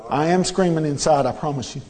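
A man's voice: fairly high pitch, brisk, darkish tone, in a large hall. A man preaching a sermon in a church, earnest and repetitive, pressing his listeners with rhetorical questions. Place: church sanctuary.

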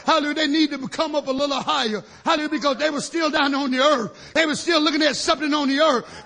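Talking fast with hardly any pauses, a middle-aged preacher with a gravelly voice and steady tone gives a fiery sermon. He moves between shouted high points and quiet asides, sprinkling in hallelujahs.

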